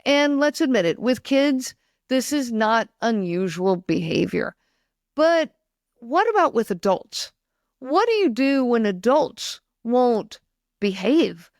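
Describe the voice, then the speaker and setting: A woman's voice: a little high, dry recording, clean studio sound. A woman hosting a podcast, telling stories in an earnest, conversational monologue. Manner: earnest, acts out quoted lines in passing. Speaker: podcast host.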